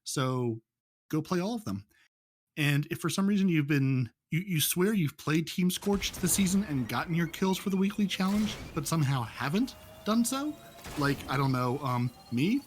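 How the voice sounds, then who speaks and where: A man's voice: a little high, lively intonation, moderate pace. Joking male podcast host. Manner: joking, often repeats words while thinking. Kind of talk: casual gaming podcast chat.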